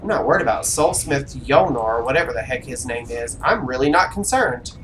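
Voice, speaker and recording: A streamer giving live commentary on an online role-playing game, grumbling and talking to themselves with quick reactions. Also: medium pitch, a bit bright, slight background noise.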